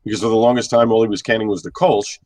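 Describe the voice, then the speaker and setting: A man's voice: fairly low pitch, steady tone, racing, dark tone, no room sound, distant mic. A man, a radio host, chatting easily as a guest about beer. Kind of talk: casual chat.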